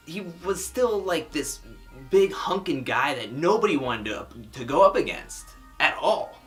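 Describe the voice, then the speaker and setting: A man talks through a reality show episode in a loose, chatty vlog style, tossing off sarcastic asides. His voice sits at a middling pitch, and faint music runs underneath. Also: a bit bright. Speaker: TV recap vlogger. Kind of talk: casual recap commentary.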